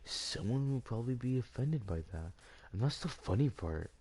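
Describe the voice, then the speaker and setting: A man's voice: mid-range voice, lively intonation, moderate pace, dark tone, slight background noise. A man ranting over gameplay as the channel's host, rambling and circling back over the same point with lots of "like" fillers. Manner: rambling, repeats himself, leans heavily on "like".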